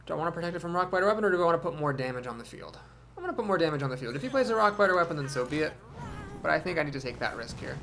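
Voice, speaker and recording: A man casually commentating his own card game, thinking aloud and poking fun at his own mistakes, with sudden animated outbursts. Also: on the high side, vocal fry, slight background noise.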